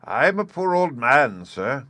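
Man doing a small old magic gentleman, higher than a plain voice, slow and deliberate, humble yet cool. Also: sing-song, no echo, heavily acted. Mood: pleading. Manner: humble pleading, then coolly ironic. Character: tiny old magical man with long grey hair.

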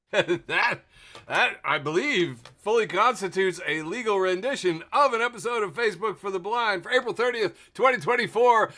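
A man's voice: high voice, a little slow. A man hosting a podcast, reading memes aloud in casual chat and laughing often. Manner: laughs often, animated describing. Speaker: podcast host.

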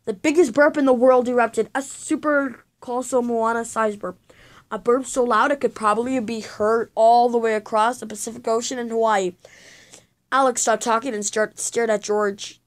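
A woman's voice: a little high, steady tone, moderate pace. A woman reading a children's chapter book aloud, telling it with drama and sound effects.

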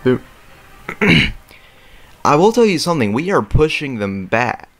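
A young man hosting a let's play, rambling casually with lots of fillers and throat clearing as he plays a strategy game. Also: medium pitch, sing-song, measured pace, a bit bright. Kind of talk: casual gameplay commentary. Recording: faint game music behind.

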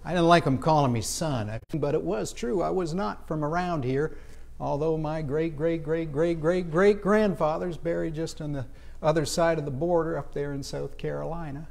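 A man's voice: fairly high pitch, normal speed, vocal fry, darkish tone. A middle-aged man from Canada with a Canadian accent, preaching a sermon in a folksy, storytelling way and acting out voices. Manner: folksy, acts out voices in his stories. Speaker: pastor.

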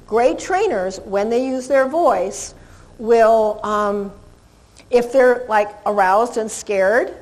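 Speaking slowly, a female dog trainer delivers a seminar to a live crowd, lively and laughing as she sings names in a high register. The audio quality is poor.

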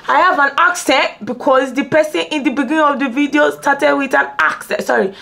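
A woman's voice: sits high, moderate pace, creaky, a bit bright. A young woman in a casual behind-the-scenes vlog, chatting playfully to her viewers while getting ready at home. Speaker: beauty and lifestyle vlogger. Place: at home, among her filming lights.

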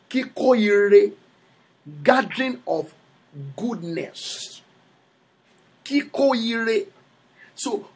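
Male preacher, Yoruba accent, high gravelly voice, husky tone, emphatic repetition. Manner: switches between English and Yoruba, repeats phrases for emphasis. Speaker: prophet preaching. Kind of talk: sermon.

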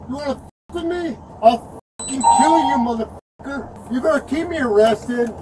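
An agitated man rants and yells repetitive, profane threats from the back seat of a patrol car. His voice rides high and strained. The body-cam audio picks him up from a distance, with heavy noise around him. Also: fairly quick. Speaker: arrested suspect. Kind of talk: profane shouting rant. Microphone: officer's body camera.

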